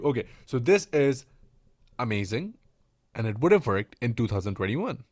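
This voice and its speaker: An animated man with a pitch that leaps up and down as he coaches on sales. He talks in a loose, slangy way, checking in with "right?" and calling people "bro". The sound is dry and close. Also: moderate pace, no echo. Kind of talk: casual coaching breakdown.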